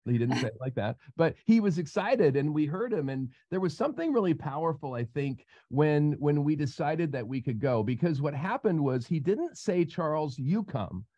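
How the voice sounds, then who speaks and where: A man's voice: big pitch swings, normal speed, hardly any pauses, dark tone. Man telling stories on a muffled call. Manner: storytelling, emotional, rambling restarts. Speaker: roofing company owner, panel guest. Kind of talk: casual panel chat on a video call. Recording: muffled low-fidelity audio.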